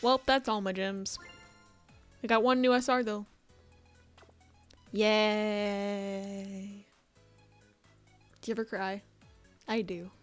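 Faint music plays behind a woman whose voice is on the high side, moving at a normal speed with long pauses. She's a gaming YouTuber giving chatty commentary on her gacha pulls, pleading for luck and cursing when the pulls fail.

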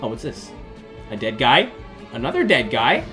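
Male let's-play host, lively swooping delivery, excitable and jokey, faint music behind. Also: high-pitched, brisk. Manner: excitable, jokey, bursts into shrieks and laughter. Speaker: gaming channel host.

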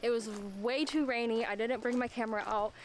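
A woman's voice: a little high, steady tone, a little fast, slight background noise. A young woman chatting casually to camera in a vlog, upbeat and full of "like". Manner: chatty, upbeat, says "like" often. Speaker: vlogger and disc golfer.

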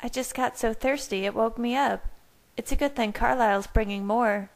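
Gentle, apologetic young woman, put on by a woman with a soft, lifted voice in a fan fiction reading. She sounds higher than the reader's own low voice and speaks with a light, sweet touch. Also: normal speed, gravelly.

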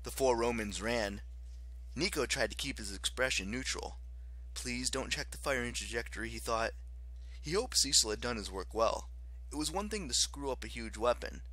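A man narrating an audiobook in an expressive, dramatic way. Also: medium pitch, normal speed, breathy edge.

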